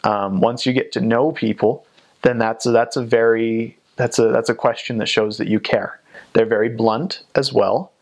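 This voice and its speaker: A man's voice: medium pitch, steady tone, moderate pace. A young man and former missionary in casual interview talk, chatty, with frequent ums and restarts.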